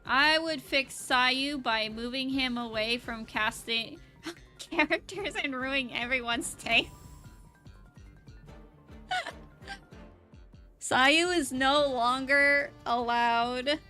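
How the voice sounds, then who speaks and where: A woman's voice: high voice, slow pace, pauses often, pushed and bright, soft background music. A woman VTuber chatting casually while gaming, giggling often and rambling with restarts. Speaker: VTuber streamer. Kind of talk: casual live-stream chat while gaming.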